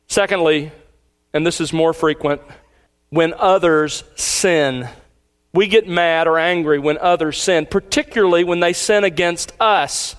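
A man with a high voice delivers a sermon in a measured preaching manner. He slows down to read quotations and puts direct questions to his listeners. He sounds middle-aged. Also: clean tone. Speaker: pastor.

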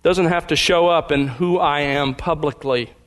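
A man preaching a sermon, slowing down and leaning hard on key words for emphasis. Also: fairly high pitch, fairly bright tone. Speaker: pastor.

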